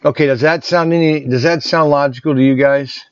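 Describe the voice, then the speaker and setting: A man's voice: on the high side, fairly even intonation, fairly quick, clear, resonant tone, no echo, dull audio. A man who owns a toy shop, chatting casually and rambling in a vlog while he packs orders. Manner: rambling, chatty, often restarts sentences. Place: indoor shop packing area. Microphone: separate mic system away from the camera.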